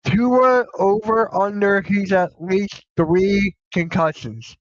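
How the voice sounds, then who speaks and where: Excitable young man hosting a sports stream. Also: high voice, takes it slowly, no echo, highs cut off. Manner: excitable, swears freely, reacts loudly to news. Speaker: sports show host. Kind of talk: casual live-stream sports chat.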